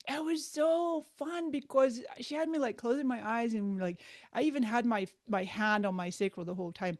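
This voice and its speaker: A woman speaking as a guest in a casual interview, animated and laughing often. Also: fairly high pitch, moderate pace, no echo, clean studio sound.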